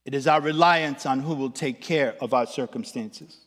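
A man's voice: medium pitch, moderate pace. A man preaching, telling a funny personal story and acting out the voices of others. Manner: animated, comic storytelling, acts out voices. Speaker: pastor. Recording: echoey hall.

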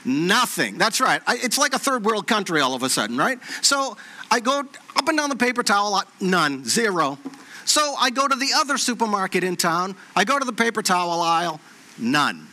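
Male preacher, bright high voice, animated sermon storytelling, repeats lines for effect. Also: moderate pace. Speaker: pastor.

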